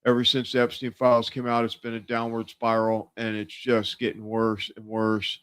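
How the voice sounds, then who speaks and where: His medium-pitched voice is monotone yet fairly bright, clear and resonant, moving at normal speed. As host of a casual political talk livestream, he rambles with lots of fillers and restarts.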